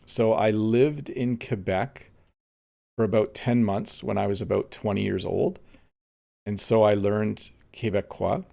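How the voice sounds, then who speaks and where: A middle-aged Canadian man who teaches English chats casually through a live-streamed lesson, playing a game and answering viewers as he goes. His voice is lowish and warm, with vocal fry, a steady tone and a measured pace.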